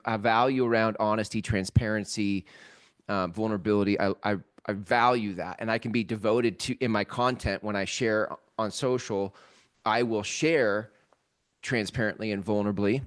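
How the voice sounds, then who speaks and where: A man co-hosting a podcast, thinking aloud in casual conversation with halting speech and frequent restarts. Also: on the low side, fairly even intonation. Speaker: podcast co-host.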